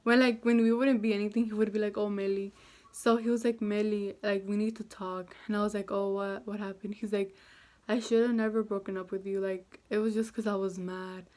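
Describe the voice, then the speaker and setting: A woman's voice: medium pitch, little pitch movement, brisk, a little mellow. A young woman talking to camera in a casual storytime vlog, chatty and self-deprecating, with lots of fillers. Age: young adult. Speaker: vlogger.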